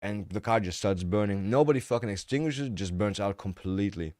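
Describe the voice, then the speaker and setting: A man runs a livestream, bluntly and casually paraphrasing a clip while now and then swearing or laughing. His fairly low, slightly mellow voice moves fairly quickly, in studio-quality audio with no echo.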